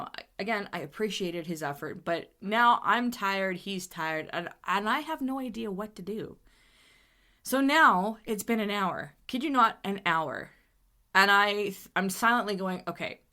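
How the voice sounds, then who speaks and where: Bright-voiced woman telling a story. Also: mid-range voice. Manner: chatty, animated, laughs often while telling. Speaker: podcast host. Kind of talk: storytelling monologue.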